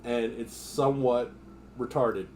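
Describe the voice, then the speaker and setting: A man's voice: medium pitch, measured pace, a little mellow, slight background noise. Profane ranting male live streamer. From United States. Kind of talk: casual live-stream chat.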